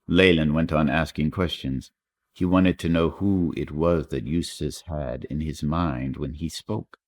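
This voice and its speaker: A male audiobook narrator reads a classic tale in a measured, literary way. His voice is very low and deep. The delivery is steady and scripted.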